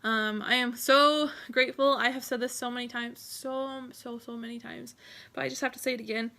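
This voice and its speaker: A young woman talks straight to her viewers in a personal vlog, rambling and close to tears as she thanks them. Her voice sits a little high and sounds bright and tense, and she stays open and heartfelt throughout. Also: fairly even intonation, moderate pace, creaky. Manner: emotional, rambling, grateful, tearful at times. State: teary. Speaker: vlogger.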